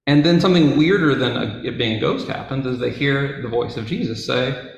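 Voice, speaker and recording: A man's voice: medium pitch, lively intonation, fairly quick, gravelly. A man casually retelling a Bible story, with conversational fillers and playful asides. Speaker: Bible teacher. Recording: very echoey room.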